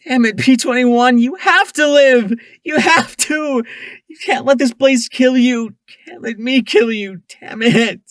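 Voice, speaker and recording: A man voicing a desperate young mare who screams and pleads through sobs in a raspy voice. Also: extremely high pitch, unhurried, fairly bright tone, no room sound, clean studio sound, pitched above the performer's own voice. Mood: frantic pleading.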